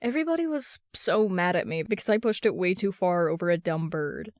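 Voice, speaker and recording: A woman's voice: lowish voice, lively intonation, a little fast, a little mellow, no echo, clean studio sound, close to an everyday voice. A woman voicing an upset young woman vigilante in a fan audiobook, talking in a rambling, plain way. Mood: hurt.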